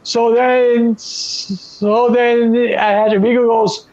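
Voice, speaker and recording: A man co-hosting a wrestling podcast, recapping shows in animated, profane storytelling. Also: high voice, moderate pace, lo-fi sound. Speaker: podcast co-host. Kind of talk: casual wrestling chat.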